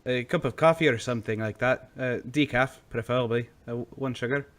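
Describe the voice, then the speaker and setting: A man playing an aging black-market dealer who talks smoothly and stammers as he ingratiates himself. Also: mid-range voice, fairly quick, fairly bright tone, close to an everyday voice. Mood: smooth, wheedling.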